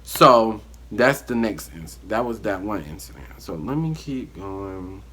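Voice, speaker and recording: A man telling a casual storytime on his vlog, animated and acting out the quotes. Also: on the low side, measured pace, a little hiss or hum. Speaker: vlogger.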